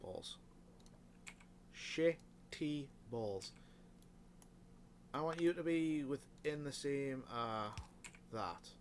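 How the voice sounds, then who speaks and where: Man, mid-pitched voice, muttered gameplay talk, frequent cursing, faint typing behind. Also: slow, a little hiss or hum. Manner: muttering to himself, frequent swearing. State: hiccups. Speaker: let's play host. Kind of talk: casual gameplay commentary.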